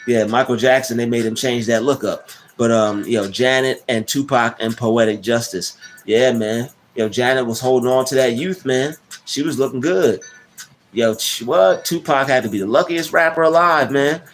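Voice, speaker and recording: A man hosting a casual livestream, rambling with many restarts and slang fillers while reading the chat. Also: medium pitch. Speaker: livestream host. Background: soft background music.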